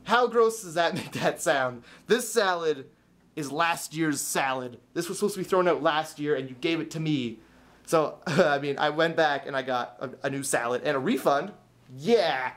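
A man's voice: on the high side, normal speed, a bit bright. A man vlogging casually, telling a rambling story full of stammered restarts and self-deprecating asides.

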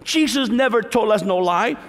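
A man pastor preaching a sermon to a congregation in a large church, animated, acting out prayers and teasing the listeners. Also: high voice, normal speed. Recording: long reverb of a large hall.

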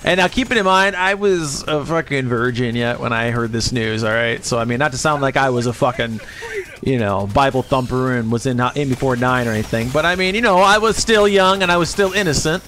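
A man in his thirties live-streaming a game, rambling and swearing casually, and jumping into high squeaky voices when he quotes people. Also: brisk, fairly bright tone, slight background noise. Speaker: livestreamer. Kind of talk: rambling casual chat while gaming.

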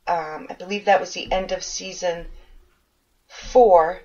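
On dull lo-fi audio, a podcast host from New Hampshire speaks in a lowish, steady, slightly mellow voice without hurrying. She keeps things casual, poking fun at herself and swearing freely.

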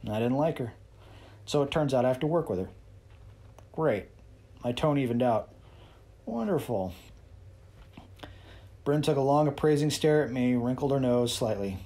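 A man's voice: medium pitch, moderate pace, long pauses, mellow. A man reading a first-person novel aloud as narrator, in a wry, sarcastic and boastful manner.

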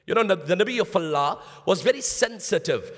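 A man's voice: high voice, animated, brisk, husky. A man giving a sermon in a mosque with a South African accent, telling stories and addressing listeners as brothers while mixing in Arabic phrases. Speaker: Islamic lecturer. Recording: long reverb of a mosque hall.

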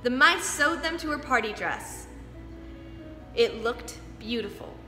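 A young woman dance teacher reading a storybook aloud to children, lively and expressive. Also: fairly high pitch, a little slow. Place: dance studio. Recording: echoey studio hall, faint music.

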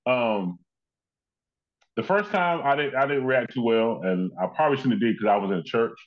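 A man telling stories with lively energy, slipping into other people's voices as he recounts them. His pitch sits in an ordinary middle range. The recording is slightly dull and lo-fi. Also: normal speed. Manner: animated, acts out quoted people in his stories. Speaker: comedian and actor, guest. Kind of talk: conversational storytelling in an interview.

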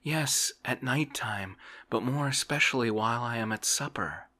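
A lazy, dreamy gentleman lifts his voice into a thin, plaintive sigh in this whispered role-play, as a male reader puts him on. Bright and clear even when whispering, he sounds worn out by the world. At times he drifts a little away from the mic. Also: mid-range voice, normal speed, voice pushed up. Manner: plaintive, yearning, sighing. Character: idle, dreamy middle-aged Russian gentleman.

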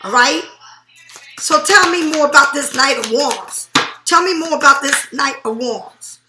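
A woman's voice: high-pitched, unhurried, reverberant, heavy background noise. Blunt, swearing woman giving a tarot reading. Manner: blunt, profane, emphatic. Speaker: tarot reader.

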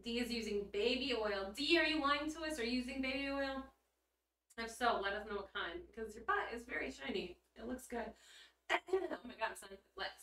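Woman streamer, crisp bright tone, giggly and blunt, roomy off-mic sound. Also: on the high side, animated, brisk. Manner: bubbly, giggly, blunt, swears casually. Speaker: livestreamer reading chat. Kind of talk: casual livestream chat. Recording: roomy echo, mic at a distance.

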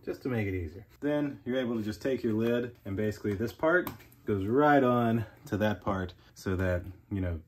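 A man's voice: a little mellow, slight background noise. A man vlogging a casual product setup and talking his viewers through each step. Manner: chatty, talks to his dogs in a high coaxing voice.

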